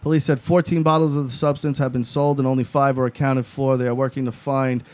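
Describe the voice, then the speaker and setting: A man co-hosting a podcast, telling profane, animated stories in casual chat and reading news items aloud. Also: medium pitch, brisk. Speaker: podcast co-host.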